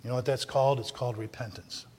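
A man preaching a sermon, repeating his lines for emphasis and swinging between loud shouts and low, intense stretches. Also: steady tone, quick pace, breathy edge, in a large hall. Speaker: pastor.

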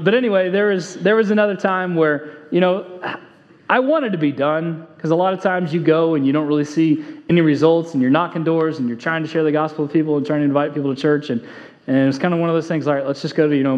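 A man's voice: fairly high pitch, darkish tone. A male pastor preaching a sermon, earnest, repeating key phrases for emphasis and telling stories in a conversational way. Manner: conversational storytelling with fillers. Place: church sanctuary. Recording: long hall reverb, dull lo-fi sound.

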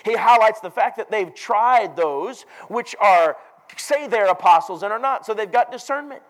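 High-pitched man preaching a sermon. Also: expressive, normal speed, poor audio. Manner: emphatic preaching, rising to loud declarations.

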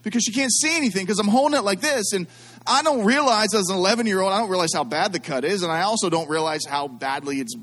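A man with a notably high voice delivers a storytelling sermon. He is middle-aged and animated, with self-deprecating jokes and frequent asides to the congregation. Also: fast.

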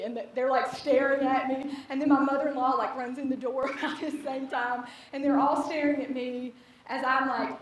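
A young woman telling a funny personal story to a live audience, animated and laughing as she acts out the people in it. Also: high voice, moderate pace, slight background noise. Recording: echoey hall, distant mic, audience.

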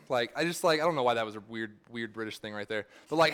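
A man's voice: mid-range voice, expressive, fast talker, a bit bright. A man pastor giving a sermon in a casual, rambling way, full of fillers and restarts.

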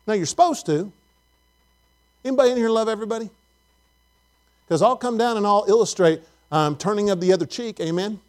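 Man, pastor, high voice, folksy conversational sermon, questions to the congregation, church. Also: lively intonation, fairly quick, long pauses, a little mellow.

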